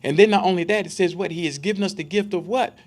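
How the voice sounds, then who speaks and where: A man's voice: high voice, quick pace. A man giving a conversational Bible study sermon, emphatic and full of rhetorical questions for his listeners.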